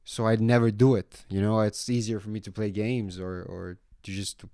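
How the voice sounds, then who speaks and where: A young man chatting casually about his life in a vlog. He swears freely, leans on "you know" and "man", and gets louder when he retells a story. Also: fairly low pitch, flat delivery, normal speed, no echo, clean studio sound. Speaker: vlogger.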